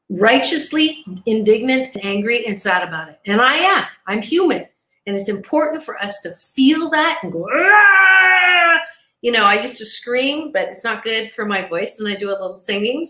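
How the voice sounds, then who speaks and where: A woman motivational speaker and psychologist giving an animated, emphatic inspirational talk as an interview guest, laughing between points. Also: medium pitch, roomy sound.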